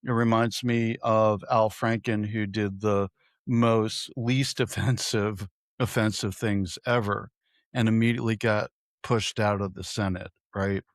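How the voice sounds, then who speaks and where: A man's voice: fairly low pitch, steady tone, unhurried, no room sound, studio quality. A man co-hosting a podcast, chatting casually and profanely about politics and telling stories with acted-out quotes. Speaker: podcast co-host.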